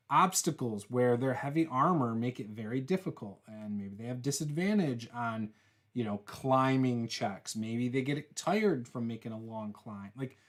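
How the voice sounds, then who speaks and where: A man hosting a casual chat as game master, reading out viewer comments in a relaxed, teasing and rambling way. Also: mid-range voice.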